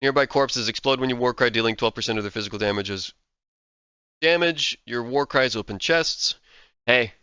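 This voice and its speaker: A man casually reading out game skill text and reacting with excitement, a little sleepy and yawning. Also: mid-range voice, moderate pace, smooth, no room sound, muffled recording. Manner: enthusiastic, reads game text aloud then reacts. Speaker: gaming content creator.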